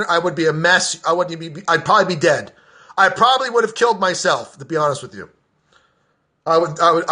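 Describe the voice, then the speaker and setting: High, bright-voiced ranting man. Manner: profane, emphatic, repeats himself. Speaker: political vlogger. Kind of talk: impassioned ranting monologue.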